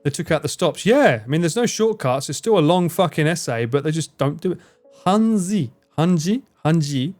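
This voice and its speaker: A man's voice: a little high, expressive, a little fast, few pauses, darkish tone, soft background music. A man in casual live-stream chat, rambling, swearing freely and laughing often as he answers his chat. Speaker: livestreamer.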